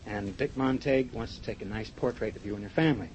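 A man hosting a live radio show, chatting with a guest and reading sponsor gifts in a brisk, chatty manner. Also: lowish voice, a little mellow. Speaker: radio host. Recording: dull 1950s radio broadcast with faint hiss.

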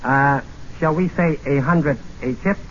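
A man's voice: fairly high pitch, a little slow, lightly acted. Man voicing a menacing warlord general, clipped broken english, contemptuous, old muffled film sound, faint hiss. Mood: smug. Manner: smug and contemptuous. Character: arrogant, menacing warlord general, male, middle-aged. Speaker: villain.

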